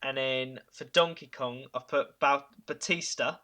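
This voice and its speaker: A man hosting a casual podcast, pitching ideas with enthusiasm. His tone is bright and forward, with many halting fillers and chuckles. His pitch sits in a middle range. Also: steady tone. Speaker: podcast host.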